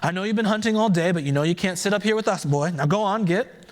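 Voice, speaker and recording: A man voicing a fussy farmer's wife who shoos and dotes in a higher, scolding tone. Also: fast, natural voice. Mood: shooing. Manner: scolding yet doting.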